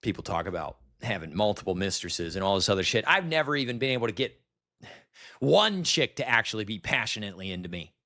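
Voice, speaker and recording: A man's voice: fairly low pitch, very animated, fast, pushed and bright. A man in his thirties delivering a bitter, exasperated, profanity-filled rant, repeating himself as he vents. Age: 30s. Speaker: vlogger. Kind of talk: ranting monologue to camera.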